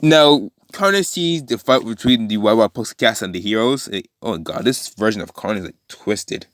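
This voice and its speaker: A man's voice: lowish voice, animated, normal speed, fairly bright tone. A man casually retelling a fan story, rambling with many fillers and restarts.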